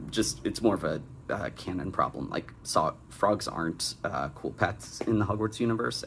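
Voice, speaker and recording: A young man hosts a comedic critique of bad fan fiction, tossing in sarcastic, exasperated asides. His voice sits low and creaky, with slight background noise.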